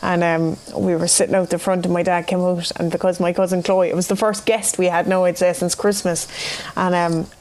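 A woman's voice: lowish voice, flat delivery, brisk, few pauses, darkish tone. A young woman, chatting casually on a podcast. She teases her friends and tells her stories with easy banter. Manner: teasing, laughing banter. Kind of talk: casual chat.

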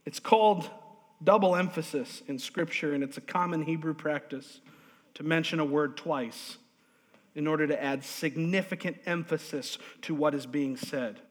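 A male pastor delivers a sermon with emphatic repetition and frequent calls of amen. His voice sits a little high for a man. He shifts between loud, driving emphasis and quiet asides, and a long hall reverb trails every phrase. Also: normal speed. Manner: emphatic preaching with repeated words and calls of amen. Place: church sanctuary.

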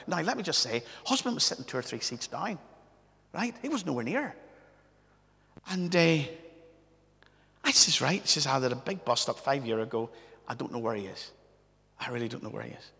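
A man's voice: medium pitch, gravelly, sharp tone, breathy edge. A man preaching a sermon, telling stories in a chatty way and tagging his lines with "right?". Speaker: pastor. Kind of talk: storytelling sermon. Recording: long hall reverb.

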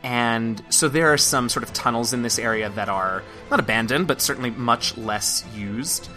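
A man's voice: mid-range voice, normal speed, music in the background. A man narrating a tabletop game as game master, loose and chuckling, with lots of fillers.

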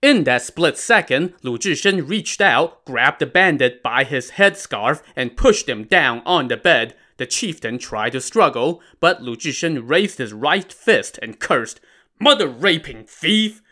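A man's voice: mid-range voice, animated, unhurried, few pauses, sharp tone. A man narrating a classic tale in a casual, wry style with modern slang. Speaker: storyteller.

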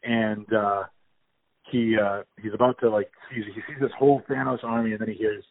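A man's voice: on the low side, steady tone, normal speed, no echo. A man in casual talk about a movie, enthusiastic and rambling, with many fillers and restarts. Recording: tinny phone-like audio.

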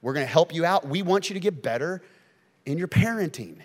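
A man preaching a sermon as pastor, telling stories with lively swings between loud and hushed delivery. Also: a little high, brisk. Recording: long reverb of a church hall.

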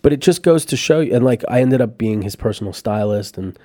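A man's voice: mid-range voice, animated, a little fast, mellow, dry recording, studio quality. A man, a company founder and podcast guest, telling rambling, profane anecdotes in casual chat.

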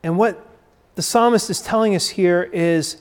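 With a high-pitched voice, a man preaches slowly and forcefully, repeating his central lines and dramatically performing the characters he cites.

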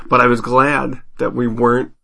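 A man co-hosting a podcast in casual chat, rambling and swearing freely, with a gravelly husky voice. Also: medium pitch, level tone, normal speed, bright, forceful tone. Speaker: podcast co-host.

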